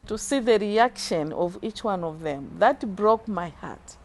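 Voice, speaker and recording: A middle-aged woman tells her faith testimony in an interview, earnest and deeply moved. She speaks slowly and deliberately, with a voice of ordinary pitch for a woman. Her delivery is sincere and heartfelt throughout. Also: expressive, a little mellow. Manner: earnest, slow and heartfelt, moved to tears at times. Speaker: church member giving a testimony.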